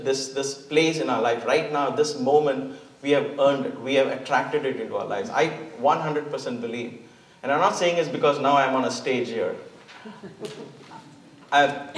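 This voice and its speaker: A man's voice: mid-range voice, slight background noise. A man giving an earnest, emphatic inspirational talk from a church stage, often repeating words. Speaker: guest speaker. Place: church hall. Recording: echoey hall, mic at a distance.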